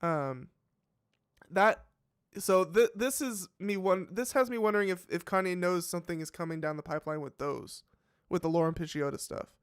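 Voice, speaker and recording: A man's voice: high-pitched, normal speed, clean tone, no room sound, studio quality. A man hosting a live reaction show, thinking aloud in casual commentary with many fillers and restarts. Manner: musing, hesitant, full of fillers and restarts.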